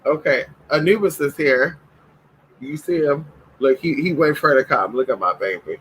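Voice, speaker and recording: Sassy, animated man with a high voice. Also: moderate pace, slight background noise, rough recording. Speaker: vlogger. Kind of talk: casual home vlog chat. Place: at home with pet dogs.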